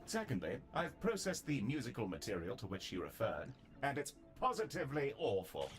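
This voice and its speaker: A dry, sardonic station AI. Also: male voice, mid-range voice, wildly swooping pitch, fairly quick, breathy edge. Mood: dry, formal. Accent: British. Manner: formal, dryly sarcastic. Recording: game audio with faint music.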